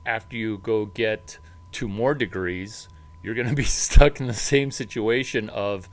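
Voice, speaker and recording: A man giving an animated talk about startups, emphatic and punchy, jumping up in pitch to stress points. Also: measured pace. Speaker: startup advisor. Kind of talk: animated monologue to camera.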